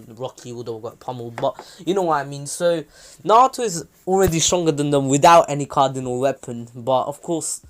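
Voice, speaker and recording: A man casually retelling a fan-made story, rambling with many fillers and self-corrections. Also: medium pitch.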